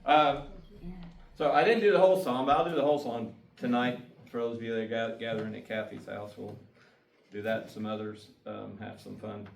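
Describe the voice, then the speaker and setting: A man's voice: on the low side, fairly even intonation, brisk, vocal fry, slight background noise. A man giving a casual, folksy community talk as a guest speaker, often chuckling between points. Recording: echoey room, mic far off, guitar music.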